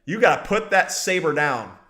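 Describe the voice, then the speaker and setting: A man's voice: a little high, big pitch swings, moderate pace, sharp tone. A man preaching a conversational sermon, speaking straight to his listeners and repeating phrases for emphasis. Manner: addresses listeners directly, many restarts. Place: live stream broadcast.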